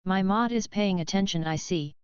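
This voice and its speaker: A woman's voice: mid-range voice, moderate pace, clear, resonant tone, no echo, dull audio. A woman livestreamer chatting casually and offhandedly with her viewers, cursing now and then.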